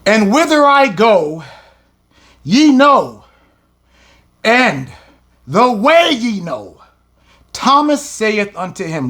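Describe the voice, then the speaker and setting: A man teaching a scripture lesson with fiery passion, his voice breaking up as he shouts. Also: sits high, sing-song, drawn-out words, long pauses. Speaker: religious teacher.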